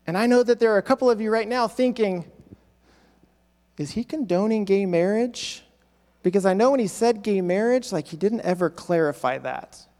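A man's voice: high-pitched, lively intonation, normal speed, darkish tone, long reverb tail. A male pastor preaching a sermon, acting out quoted voices with emphatic repetition.

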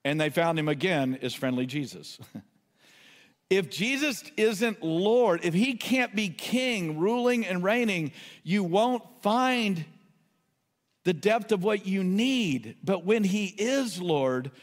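A man's voice: high-pitched, expressive, takes it slowly, big-room sound. A man preaching a sermon as a pastor, impassioned, pleading and exclaiming to his listeners.

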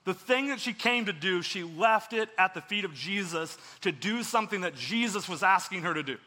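Man, pastor, casual sermon, high bright voice, long reverb of a big sanctuary. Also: lively intonation, normal speed. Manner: casual and earnest, many filler words. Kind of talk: conversational sermon.

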